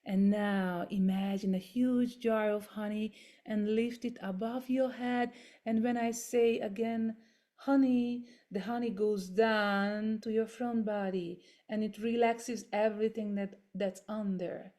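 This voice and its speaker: Slow, gentle woman voice coach. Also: medium pitch, fairly even intonation. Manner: gentle step-by-step coaching with demonstrations. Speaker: voice workshop leader. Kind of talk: guided voice and body exercises. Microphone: video call.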